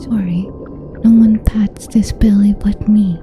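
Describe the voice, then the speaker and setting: A woman's voice: medium pitch, fairly even intonation, unhurried, dark tone, faint music behind. A woman streamer talking with her chat in a whispered ASMR style, playful and teasing, often giggling.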